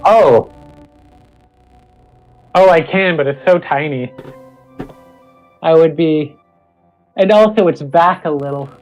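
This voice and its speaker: A man's voice: a little high, slow, pauses often, darkish tone, soft background music, low-quality recording. A man joining a livestream remotely, chatting casually with playful, joking asides. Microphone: remote call.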